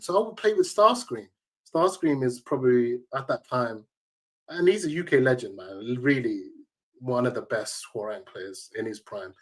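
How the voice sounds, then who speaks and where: A man, a tournament organizer telling emphatic, slang-heavy stories as an interview guest. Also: medium pitch. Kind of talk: casual interview storytelling.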